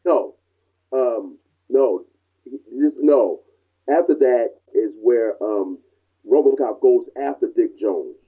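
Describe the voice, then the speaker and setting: Husky man on a tinny line. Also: mid-range voice, animated, takes it slowly. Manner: chimes in with short agreements. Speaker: podcast guest. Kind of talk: casual movie review chat.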